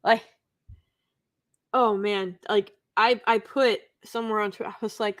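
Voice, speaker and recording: A woman's voice: mid-range voice, fairly even intonation, unhurried, pauses often, fairly bright tone. A woman hosting a live stream, giving an unscripted review in an indignant, emphatic way, with sighs and restarts.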